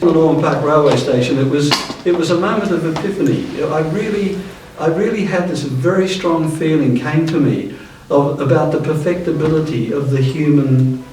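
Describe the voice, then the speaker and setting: A man in his seventies recalling the past in a thoughtful, halting way, with many restarts. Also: on the high side, darkish tone, a little hiss or hum. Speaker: interviewee. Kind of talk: reflective reminiscing. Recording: roomy echo, distant mic.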